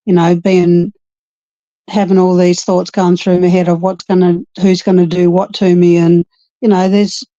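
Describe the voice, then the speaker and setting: Reflective woman, warm mellow tone, dry muffled recording. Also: lowish voice, little pitch movement, moderate pace, no room sound. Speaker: chat regular. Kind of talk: casual chat. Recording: muffled lo-fi audio.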